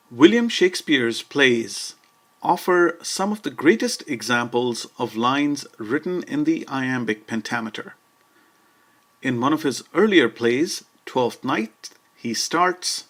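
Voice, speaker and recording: A man giving scripted educational narration about poetry in a measured, explanatory way. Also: mid-range voice, fairly bright tone.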